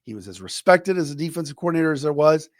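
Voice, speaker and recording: A man's voice: a little high, sing-song, fast talker, no room sound, clean studio sound. A middle-aged man hosting a sports talk podcast, giving opinionated, conversational commentary and acting out quotes as he goes. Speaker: podcast host.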